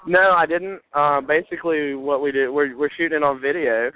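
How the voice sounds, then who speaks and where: A man's voice: fairly high pitch, steady tone, normal speed, slight background noise. A tired man co-hosting a podcast, chatting casually and laughing often as he tells stories. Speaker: podcast co-host. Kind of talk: casual chat. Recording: tinny phone line.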